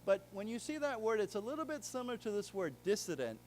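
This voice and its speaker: A man's voice: high-pitched, sing-song, quick pace, a little hiss or hum. A man teaching a live English vocabulary class, explaining words in plain terms and having the room repeat them after him. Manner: explains patiently in plain terms, checking understanding. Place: library lecture room with a live audience.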